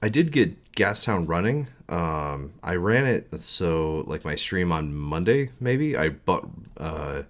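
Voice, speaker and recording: A man's voice: sits low, sing-song, slow. A man talking casually on a live coding stream, rambling through his thoughts with many fillers and restarts.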